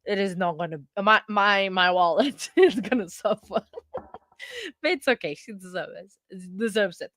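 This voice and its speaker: A woman's voice: medium pitch, a little slow, fairly bright tone, no room sound. Young woman, Portuguese accent, bubbly livestream host with a dry, close sound. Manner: chatty and bubbly, thanking chat often. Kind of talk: casual livestream chat with viewers.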